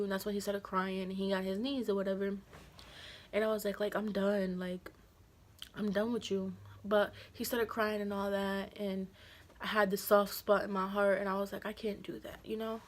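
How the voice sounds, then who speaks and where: A young woman records a casual story-time vlog. She talks in loose slang and stays animated throughout, slipping into reenactments of the dialogue in her retelling. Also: mid-range voice, moderate pace. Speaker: vlogger telling a story.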